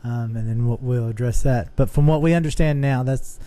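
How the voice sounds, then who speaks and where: A man's voice: medium pitch, brisk, mellow. An earnest man co-hosting a casual discussion podcast, steering the talk with questions. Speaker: podcast co-host.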